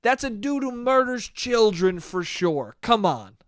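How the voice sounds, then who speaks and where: A slightly high-voiced young man from New York rambles through a solo comedy podcast, heard close and dry with no room sound. He talks with profanity, swings from loud outbursts to low mumbled asides, and breaks into high laughs. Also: sing-song, a little slow, no echo. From New York (Westchester). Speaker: podcast host.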